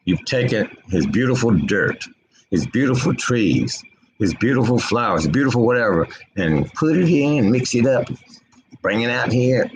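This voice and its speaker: A man giving an unscripted spiritual commentary, impassioned and repetitive, his pitch swinging between low and high. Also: sing-song, normal speed, slight background noise, rough recording. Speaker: online preacher.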